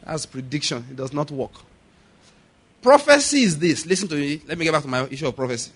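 A man preaching a sermon, laughing often and building to shouted declarations. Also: on the high side, lively intonation, fast talker, husky.

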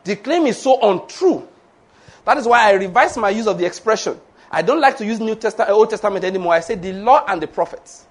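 A male preacher with a fairly high, husky voice. He delivers a lively sermon, chuckles as he goes, and slips into little acted voices for the people he quotes. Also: a little fast. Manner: lively, laughs often, acts out quoted voices.

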